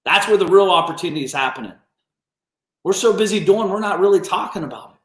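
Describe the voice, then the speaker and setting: A man hosts a business coaching livestream and lays into a commenter bluntly, swearing freely and daring him to prove his claims. His voice sits a bit high for a man. The sound carries a clear room echo. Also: expressive, fast, fairly bright tone. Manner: blunt, profane, confrontational. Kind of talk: livestream rant. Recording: roomy echo.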